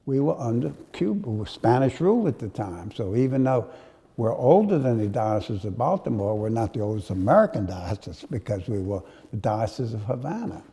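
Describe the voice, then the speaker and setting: An older man from New Orleans, speaking with its local accent, recalls the past in a relaxed, mellow voice. His storytelling is unhurried and dotted with fillers. The room gives a long, trailing reverb. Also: medium pitch. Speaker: interviewee. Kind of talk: reminiscing interview. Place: historic house.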